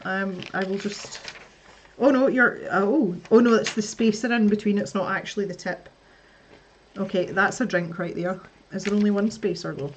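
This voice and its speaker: A woman's voice: medium pitch, fairly even intonation, moderate pace, a little hiss or hum. A woman hosting a casual live stream, chatting to her viewers as she builds, laughing often and muttering to herself. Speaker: livestream host.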